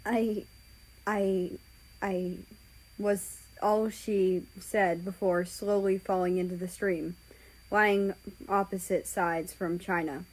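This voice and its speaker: A woman reading a fan story aloud in slow, measured narration. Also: on the low side, steady tone, rough recording. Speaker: story reader.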